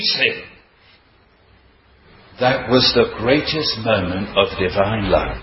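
A man preaching a sermon with emphatic, dramatic delivery and sweeping changes in pitch. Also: slow pace, long pauses. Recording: dull, roomy hall recording with faint noise.

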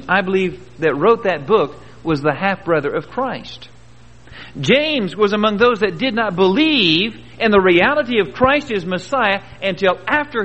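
A man's voice: high voice, a bit bright. A man preaching a sermon in a folksy, earnest way, with rhetorical questions and homespun stories. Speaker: pastor. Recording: dull old recording in a reverberant hall.

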